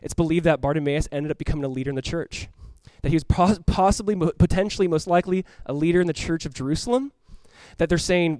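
Male pastor, high-ish voice, rapid animated sermon delivery, plays out the characters' lines, dry close-miked sound. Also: no echo. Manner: animated, acts out voices of the crowd and the blind man; swings from loud cries to hushed earnest tones.

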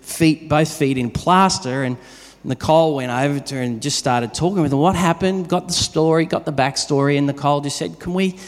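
A man's voice: a little high, fairly even intonation, fairly quick. A man preaching a sermon in a conversational way, telling everyday stories to his congregation. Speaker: pastor. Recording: long reverb of a large hall.

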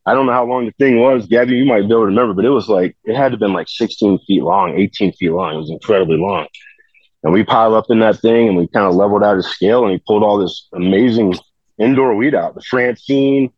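A man's voice: fairly low pitch, fast, no echo, muffled recording. A man telling a long, rambling story in casual conversation, full of fillers and restarts. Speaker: podcast guest telling stories.

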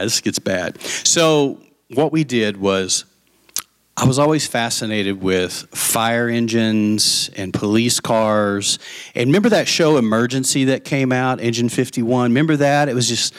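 Folksy preacher telling a story. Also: male voice, medium pitch. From Texas. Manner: folksy, chatty, asks the audience questions. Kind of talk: sermon storytelling.

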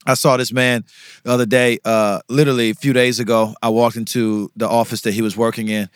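A man's voice: little pitch movement, fairly quick, smooth, dry recording. Young male podcast co-host, joking hype-man energy, dry studio sound. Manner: playful, hyped, drops to low mock-solemn tones. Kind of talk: joking casual chat.

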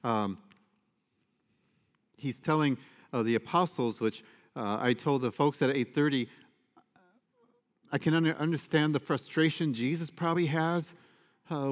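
A man, a priest, giving a conversational homily to his congregation, with fillers and asides. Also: mid-range voice. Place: church. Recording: long church reverb.

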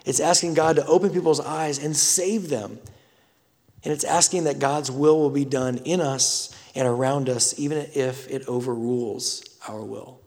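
A pastor giving a sermon, telling a story with emphatic swells and hushed drops. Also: male voice, mid-range voice, steady tone, normal speed, in a large hall.

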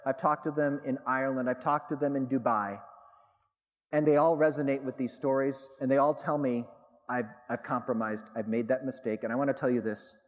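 A middle-aged man, a theologian, gives a public talk to a live audience, telling stories with animated delivery and emphatic repetition. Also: mid-range voice. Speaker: theologian and speaker. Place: large hall with audience. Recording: long reverb in a large hall.

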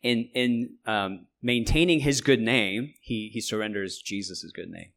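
A man's voice: on the low side, a little slow, vocal fry. A man giving a verse-by-verse Bible teaching, who explains in a conversational way and often checks in with "right?". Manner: explains and paraphrases in lively asides.

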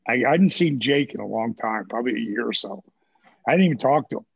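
Older man in his 60s, gravelly and husky, profane animated storyteller, dull recording. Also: mid-range voice, quick pace, no echo. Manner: profane, animated, acts out quotes. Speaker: guest telling stories. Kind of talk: casual storytelling. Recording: dull, muffled audio.

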